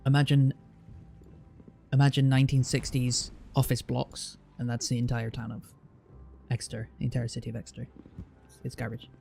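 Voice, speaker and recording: English male streamer, very gravelly and dark-toned, blunt and teasing, casual chat, faint music behind. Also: medium pitch, monotone. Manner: chatty, blunt, teasing, drawn-out fillers.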